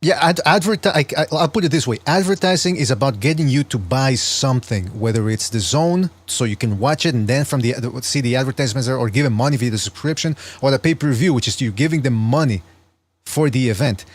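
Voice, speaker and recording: Guy hosting a podcast, normal pitch, earnest, keeps restarting his words. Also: fast. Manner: earnest, explains points with frequent stammered restarts. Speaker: podcast host. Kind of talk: casual podcast chat.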